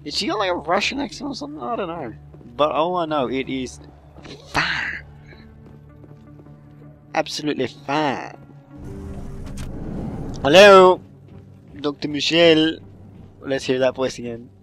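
Lively, rambling male gamer. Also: a little high, moderate pace, vocal fry, pauses often, faint music behind. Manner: rambling, swears, jokes to himself. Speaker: gamer playing through a story game. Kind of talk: casual gameplay commentary.

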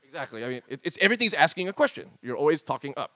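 A man from Hawaii, co-hosting a podcast in joking, animated banter. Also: on the high side, rapid-fire, dry recording. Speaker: podcast co-host. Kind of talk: casual comedic chat. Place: live studio room with audience.

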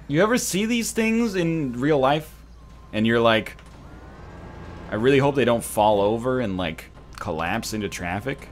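A man's voice: medium pitch, sing-song, unhurried, slight background noise. A man giving casual, jokey commentary while playing a video game, drifting off into rambling tangents. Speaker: let's play host.

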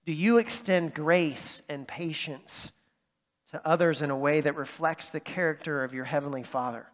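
In a church sanctuary with a big-room sound, a male pastor preaches conversationally, frequently checking in with "right?". His voice is fairly high, and his pace moderate.

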